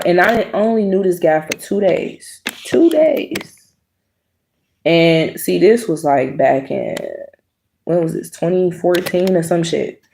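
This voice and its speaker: A woman's voice: fairly low pitch, a little hiss or hum. A young adult woman telling viewers a personal story in a blunt, profane, casual way, acting out what people said. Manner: blunt, profane, animated quoting. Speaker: host.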